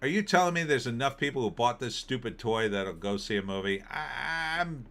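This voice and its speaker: A man's voice: mid-range voice, expressive, normal speed, fairly bright tone. A middle-aged man hosting a show, casually commenting on headlines in a sarcastic, ranting way. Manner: sarcastic, ranting, mocking asides in put-on voices. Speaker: host of an opinion show.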